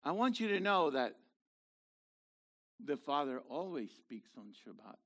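A man in his seventies with a worn, gravelly voice, preaching a fiery sermon that swings from low murmurs to shouts. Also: sing-song, unhurried. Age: 70s. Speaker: messianic rabbi.

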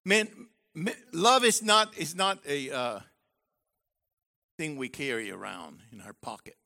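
High, bright-voiced man preaching. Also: a little slow, vocal fry. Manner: animated, jokey, acts out voices. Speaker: university professor. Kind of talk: sermon.

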